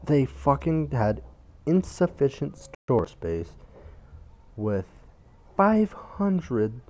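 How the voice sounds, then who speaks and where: A man's voice: medium pitch, sing-song, extremely slow, a little mellow. A young man giving casual gameplay commentary as a gaming YouTuber, grumbling and swearing, turning frantic when the game gets hectic, recorded on a phone at home.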